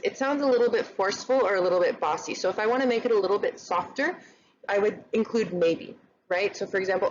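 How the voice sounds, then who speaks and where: A woman teaching an online English grammar lesson, chatty and relaxed, often checking in with "right?". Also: medium pitch, brisk. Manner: casual, many fillers and "right?" checks. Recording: slightly dull lo-fi recording, faint noise.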